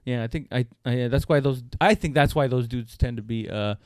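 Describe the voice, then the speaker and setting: A man's voice: medium pitch, fairly quick, no room sound, clean studio sound. A young man co-hosting a comedy podcast, talking in a rambling, profane, self-mocking way in casual chat.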